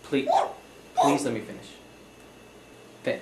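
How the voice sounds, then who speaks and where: A man's voice: medium pitch, moderate pace, roomy sound, heavy background noise. A young man playing a flustered, apologetic accountant in an improvised comedy scene.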